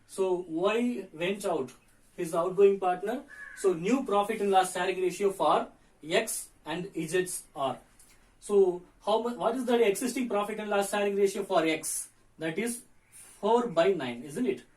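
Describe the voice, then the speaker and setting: A man teaching an accountancy lesson, hoarse from a fever, explaining each step and repeating the figures. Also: high-pitched, a little slow, darkish tone, far from the mic, poor audio.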